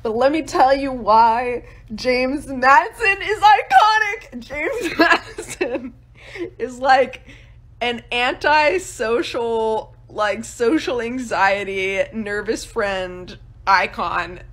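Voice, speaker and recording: A woman's voice: on the high side, slow. Chatty woman telling history stories. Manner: chatty, constant filler words, animated voices. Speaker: history content creator. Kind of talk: casual comedic storytelling.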